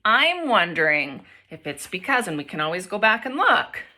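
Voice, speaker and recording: A young adult woman teacher reading a picture book aloud to children, gentle and encouraging, often pausing to ask them questions. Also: mid-range voice, sing-song, slight background noise.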